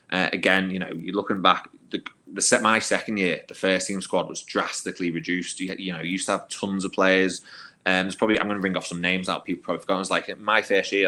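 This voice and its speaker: Man, very deep voice, bright forceful tone, podcast guest, casual animated storytelling, lots of fillers. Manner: animated, acts out quoted voices, filler-heavy. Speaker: podcast guest, former youth footballer.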